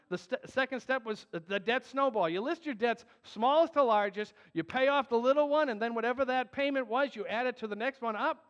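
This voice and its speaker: Man, pastor, high voice, sermon, long church reverb, dull sound. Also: fairly bright tone, clear, resonant tone. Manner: earnest, joking asides, emphatic. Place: church sanctuary.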